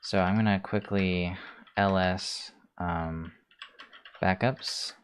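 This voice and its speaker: In a casual screencast coding tutorial, a man relaxedly talks through his steps with many ums as keyboard clicks sound. His voice is low-pitched, slow, clear, and resonant.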